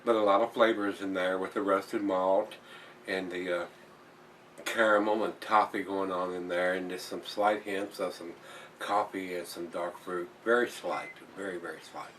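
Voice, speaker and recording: A man's voice: low-pitched, fairly even intonation, moderate pace, a bit bright, recorded from a distance, a little hiss or hum. A man reviewing a beer in a casual vlog, blunt and plain-spoken, swearing when annoyed and repeating himself.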